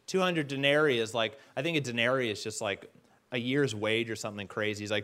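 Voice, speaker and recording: A man preaching a casual sermon, retelling the story in an animated way and acting out the characters as he goes. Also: mid-range voice, fairly quick. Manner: leads the audience to stand and call out.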